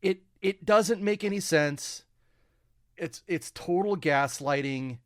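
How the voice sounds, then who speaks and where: A man co-hosting a podcast in casual political chat, halting and restarting often as he swears his way through his points. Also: fairly high pitch, dry recording, studio quality. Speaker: podcast co-host.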